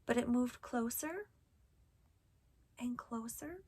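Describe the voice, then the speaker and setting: A woman hosting a children's storytime, reading a picture book slowly and expressively and asking the children questions. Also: on the high side, mellow, breathy edge. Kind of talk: read-aloud storytelling for children.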